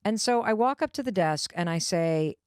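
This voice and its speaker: A woman host tells a personal story, leaning in with lively, confiding energy and frequent asides to the listener. Her voice sits in a middle range and sounds dry and close to the mic. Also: mid-range voice, normal speed, clear, resonant tone, dry recording.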